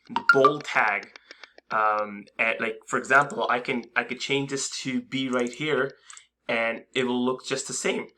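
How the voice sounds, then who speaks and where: A man's voice: medium pitch, pushed and bright. A man teaching a screen-recorded coding lesson in a casual, hesitant way, with many fillers and restarts. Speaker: coding instructor.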